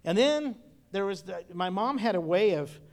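Folksy, slightly high-voiced male preacher. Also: expressive, normal speed. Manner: folksy storytelling with personal memories and repeated phrases. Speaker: pastor. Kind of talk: sermon.

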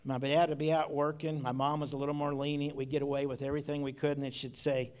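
This middle-aged man, a pastor, talks fast with hardly any pauses in a slightly high, smooth, a little mellow voice that barely moves in pitch. His sermon is full of folksy tales from his own childhood and phrases repeated for emphasis.

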